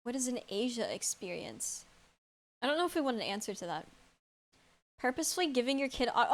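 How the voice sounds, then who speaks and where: A young woman streamer rambling in casual chat with her viewers, blunt and quick to laugh, swearing freely as she answers chat. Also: sits high, expressive, a bit bright. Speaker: live streamer.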